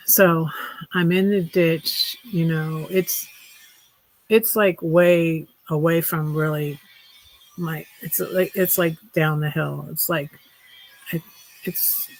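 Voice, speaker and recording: A woman's voice: lowish voice, rough recording. A woman vlogging from her tiny house, telling a casual story in a rambling way with wry, sarcastic humor. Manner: rambling, restarts often, with many fillers.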